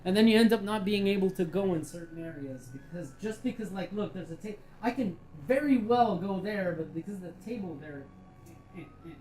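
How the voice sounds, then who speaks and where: A woman's voice: medium pitch, lively intonation, fairly quick, mellow, slight background noise, rough recording. A woman giving casual, enthusiastic commentary while playing a virtual reality game, chatty and swearing freely. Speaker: VR game reviewer.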